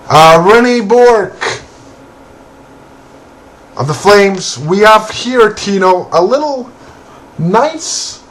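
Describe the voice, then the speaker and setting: A man hosting a card break, calling out player names and teams in a relaxed, casual way and laughing now and then. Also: high voice, poor audio. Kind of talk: casual card-opening commentary.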